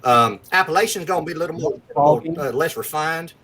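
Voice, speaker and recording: A man in a casual chat, animated and joking, with some swearing. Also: a little high, fast, a crowd in the background.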